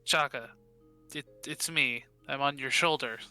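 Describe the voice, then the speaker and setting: A man's voice: mid-range voice, unhurried, bright, forceful tone, smooth, soft background music. A man playing a tabletop game, speaking hesitantly with small stammers. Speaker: player. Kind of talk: tabletop game role-play.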